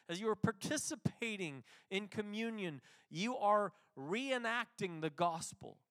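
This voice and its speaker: A pastor preaching a casual, conversational sermon, with restarts and quick asides. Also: male voice, on the high side, fairly bright tone.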